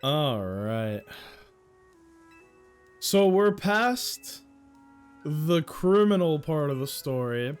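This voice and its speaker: A man's voice: fairly high pitch, very animated, very slow, long pauses, clean tone, soft background music. Joking, profane man streaming a game. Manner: joking, profane, riffing on game dialogue in mock voices. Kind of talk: casual let's-play commentary with friends.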